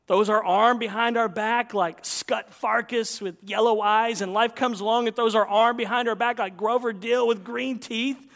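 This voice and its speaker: A man's voice: extremely high pitch, fairly bright tone. A man preaching a sermon as pastor, emphatic and impassioned, in a church. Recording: long reverb of a large hall.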